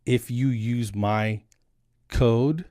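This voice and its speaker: A man's voice: mid-range voice, fairly even intonation, drawn-out words, warm tone, no room sound, studio quality. A man in his forties rambling through a casual solo vlog monologue with self-deprecating jokes, filmed on a single static camera. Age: 40s. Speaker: comedian and dental hygienist.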